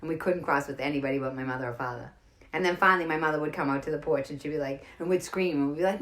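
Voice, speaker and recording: Casting: middle-aged Boston woman, low-ish voice, rambling stand-up comic greeting her viewers. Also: very fast. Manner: chatty, rambling, greets viewers by name mid-story. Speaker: comedian hosting a livestream. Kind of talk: casual stand-up storytelling to live viewers. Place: home during lockdown.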